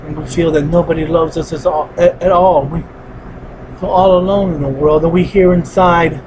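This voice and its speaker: Earnest man with a high voice, heavy-hearted solo monologue that circles back to the same points. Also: fairly even intonation, moderate pace, background noise. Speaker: vlogger. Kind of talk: personal spoken monologue.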